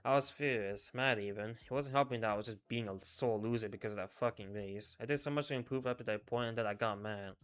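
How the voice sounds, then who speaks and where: A male streamer reading a game story aloud in first person, in a subdued, low-key way with casual swearing. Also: fairly quick, hardly any pauses, clean tone. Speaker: VTuber streamer.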